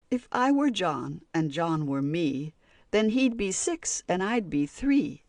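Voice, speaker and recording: A woman reading children's poems aloud in a slow, sing-song rhyming way. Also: lowish voice, very animated, darkish tone, dry recording. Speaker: audiobook reader.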